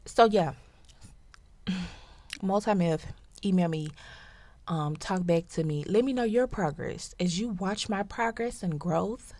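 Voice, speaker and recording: A woman's voice: medium pitch, no echo. A young woman hosting her own podcast in a casual, playful chat, speaking straight to her listeners and jumping between tangents. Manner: animated, playful, talks to listeners directly, quick tangents. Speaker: podcast host.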